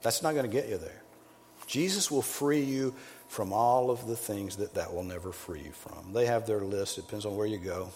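A male preacher giving a sermon, emphatic, rising to loud peaks and then dropping low. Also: normal speed, a little hiss or hum. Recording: long hall reverb, faint ambience.

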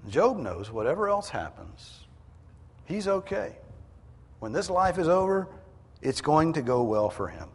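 A male preacher delivers a sermon in a slightly breathy, husky voice. His pitch moves a lot, climbing sharply when he presses a point. The sound carries a long reverb, as in a large hall or church. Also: very animated, a little slow, long pauses. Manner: emphatic, rises in pitch and volume to drive points home.

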